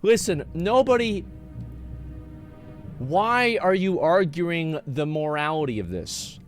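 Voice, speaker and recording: A man's voice: fairly high pitch, expressive, slow, long pauses, soft background music. A male streamer giving live reaction commentary, blunt and profane, who stumbles over and repeats words when worked up. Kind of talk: live reaction commentary, reading posts aloud.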